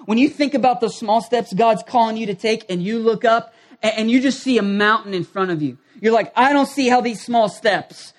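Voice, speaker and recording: A man preaching a sermon as pastor, animated, acting out quoted voices and rising toward shouts. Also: high voice, fairly quick. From United States.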